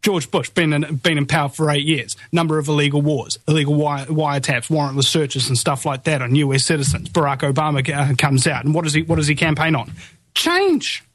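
A man's voice: a little high, steady tone, fast, few pauses, no echo. A man with a New Zealand accent, ranting heatedly about politics in casual chat and swearing freely.

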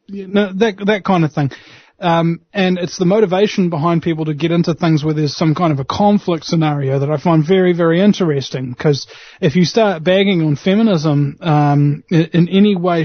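A man's voice: a little high, no room sound. A male talk radio host rambling through an opinionated monologue, full of fillers and restarts. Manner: opinionated ranting. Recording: slightly muffled radio broadcast.

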